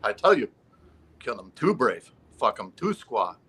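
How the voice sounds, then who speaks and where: A man doing a loud bragging warrior. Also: very animated, a little slow, breathy edge, heavily acted. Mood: boastful. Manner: loud, bragging, high-pitched shouts. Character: boastful brash warrior man.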